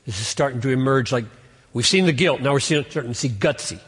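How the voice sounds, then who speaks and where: A man preaching an expository sermon, earnest, building to emphatic peaks and then dropping low. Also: fast talker, fairly bright tone, husky, in a large hall. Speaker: pastor.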